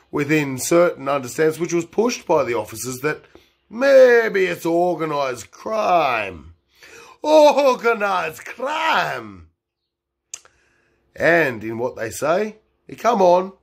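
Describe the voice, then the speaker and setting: A man telling a meandering improvised story, full of fillers, swinging between loud bursts and low murmurs.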